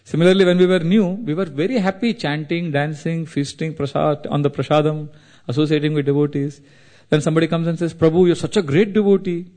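A man preaching a devotional sermon, telling stories in an animated way and laughing often. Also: fairly high pitch, a little fast.

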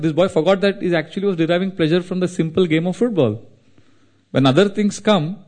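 An animated male preacher tells devotional stories and laughs often. His voice sits fairly high and moves freely. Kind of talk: devotional sermon storytelling.

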